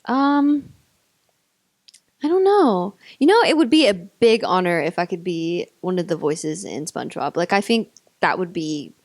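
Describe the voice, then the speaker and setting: A woman's voice: on the low side, expressive, unhurried. Giggly young woman with a faint Southern lilt. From North Carolina, US. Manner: bubbly, giggly, many likes and ums. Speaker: actress, interview guest. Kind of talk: casual interview chat.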